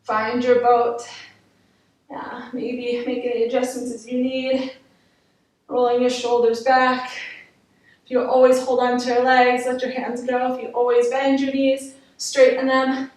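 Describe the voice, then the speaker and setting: Yoga lady talking people through poses, slow encouraging voice, kinda high, sounds far away in a roomy echo. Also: completely flat delivery, a little mellow. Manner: encouraging, counts down reps. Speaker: yoga instructor. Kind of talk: guided workout instruction. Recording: echoey room, voice from off-mic.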